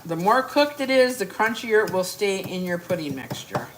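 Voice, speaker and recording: A woman's voice: mid-range voice, sing-song, moderate pace, background noise. A woman hosting a live cooking stream from her home kitchen, brash and joking, talking straight to her viewers. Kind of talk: chatty live cooking demo.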